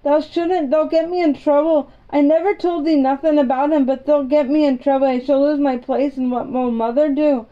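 A woman's voice: high-pitched, steady tone, normal speed, few pauses, highs cut off, pitched above the performer's own voice, lightly acted. Woman doing a fretful housemaid girl. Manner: dialect speech, fretful exclamations. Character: anxious young housemaid girl, fretful and excitable. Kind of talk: storybook reading.

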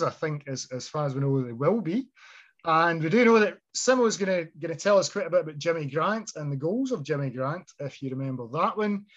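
A man co-hosting a podcast in casual chat, relaxed and chatty, laughing often between remarks. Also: fairly high pitch. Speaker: podcast co-host. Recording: dull lo-fi podcast audio.

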